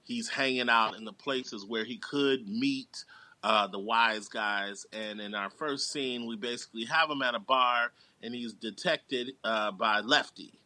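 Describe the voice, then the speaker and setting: Bright-voiced man, dry close sound. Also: medium pitch, unhurried, no echo. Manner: animated storytelling, quoting characters in voices. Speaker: guest actor and writer. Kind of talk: casual movie review chat.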